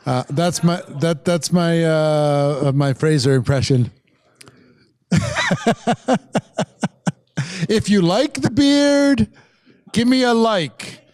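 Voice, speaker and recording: A man's voice: fairly high pitch, animated, takes it slowly, darkish tone. A man hosting a live online summit, hyping the audience and reading out viewer comments. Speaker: summit host. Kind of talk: live-stream event hosting.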